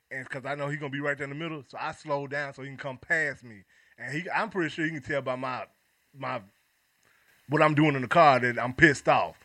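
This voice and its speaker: Male co-host, bright timbre, dry close sound, relaxed anecdotal delivery with laughs. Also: fairly high pitch, no room sound. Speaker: podcast co-host. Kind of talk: casual chat.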